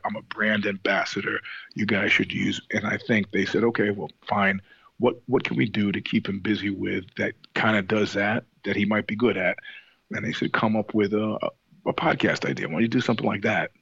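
Casting note: husky, gravelly man, rambling profane storyteller, dry dull recording. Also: on the low side, normal speed, a bit bright, no echo. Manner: rambling, profane, many restarts. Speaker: podcast guest, singer and show host. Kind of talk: casual chat.

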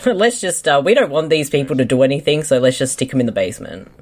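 A lively co-host joking about a movie. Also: mid-range voice, fast talker. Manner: laughing, crude, joking. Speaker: podcast co-host. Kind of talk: casual movie commentary.

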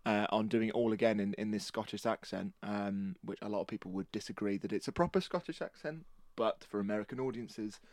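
Low-voiced man, rambling podcast chat. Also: fairly quick, hardly any pauses, a little mellow, no room sound, studio quality. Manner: enthusiastic, rambling. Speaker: podcast co-host. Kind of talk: casual chat.

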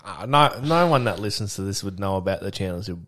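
A man's voice: low-pitched, animated, fairly quick, fairly bright tone. A man co-hosting a podcast, telling stories in casual chat, swearing freely and laughing often. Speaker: podcast co-host.

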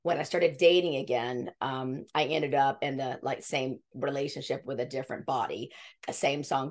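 Low-voiced woman in her fifties. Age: 50s. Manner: earnest, rambling, with frequent restarts. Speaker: podcast guest. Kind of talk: conversational interview storytelling.

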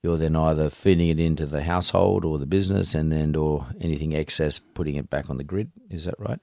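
Very deep-voiced Australian man hosting. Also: fast, creaky, warm tone, no room sound, clean studio sound. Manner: blunt, rambling, frequent restarts. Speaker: podcast host. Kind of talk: casual interview.

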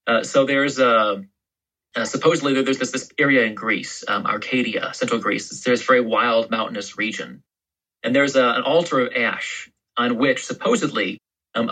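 Bright, husky-voiced man explaining history. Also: mid-range voice, poor audio. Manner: explains history in long, loose storytelling turns. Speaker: historian guest. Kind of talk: podcast interview.

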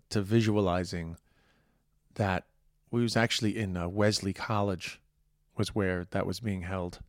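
A man's voice: lowish voice, no room sound, clean studio sound. An Irish man in his forties giving a rambling, emphatic podcast monologue, swearing freely. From Ireland. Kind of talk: casual monologue.

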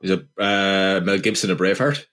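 A man co-hosting a casual film-review podcast. He talks in a dry, halting way and stumbles over his words. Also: low voice, a bit bright. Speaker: podcast co-host.

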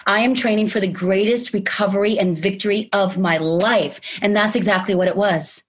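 A woman's voice: medium pitch, fairly even intonation, moderate pace, husky. A woman interview host who affirms her guest's story and asks follow-up questions. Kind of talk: conversational interview.

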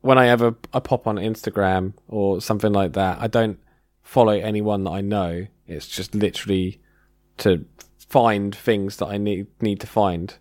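A man's voice: fairly low pitch, steady tone, moderate pace, a little mellow, dry recording, studio quality. A man in a casual podcast chat, laid-back and blunt in how he speaks.

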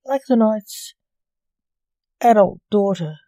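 A woman reads a story aloud at a slow, steady pace. Her voice is dark and mellow, recorded close with no room sound. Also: medium pitch, no room sound. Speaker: narrator. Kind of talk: storybook reading.

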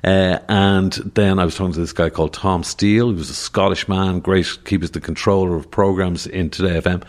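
A man's voice: low voice, fairly even intonation, brisk. An older man, a radio presenter, telling chatty anecdotes as a podcast guest. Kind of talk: conversational podcast interview.

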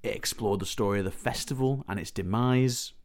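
A man, a film enthusiast guest on a podcast, summing things up in a relaxed, plain way. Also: lowish voice, a little fast. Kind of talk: casual chat.

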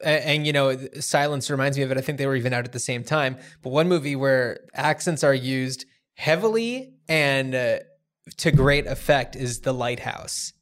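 An easygoing man co-hosting a casual film podcast, speaking at an ordinary middle pitch. He chats loosely, hedging his points with fillers as he talks them through. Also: normal speed. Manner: relaxed, conversational, hedging with fillers. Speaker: podcast co-host.

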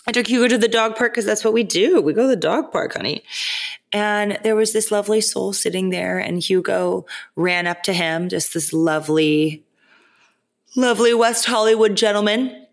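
A woman hosting a podcast, talking in a casual, animated way, full of "like" and "right?". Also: mid-range voice, moderate pace. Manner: animated, chatty, lots of "like" and "right?". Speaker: podcast host. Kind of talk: casual spiritual monologue.

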